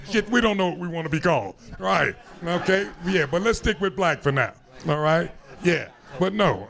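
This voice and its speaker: A man's voice: on the high side, vocal fry, a bit bright. A man speaking casually on a convention panel, laid-back, swearing and laughing as he talks. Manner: laid-back, swears, laughs often, asks the crowd to follow. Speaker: panel guest, retired wrestler.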